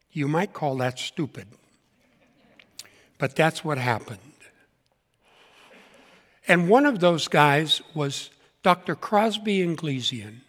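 A man in his seventies preaching a sermon in an earnest manner and repeating key points for emphasis. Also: fairly high pitch. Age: 70s. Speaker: pastor. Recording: long hall reverb.

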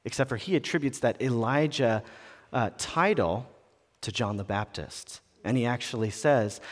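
A man delivers a sermon in a relaxed, conversational style that builds into animated emphasis. His voice sits at a medium pitch, and a long reverb trails each phrase as if he speaks in a large church hall. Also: moderate pace. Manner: conversational, animated preaching with rising emphasis and restarts. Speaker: preacher.

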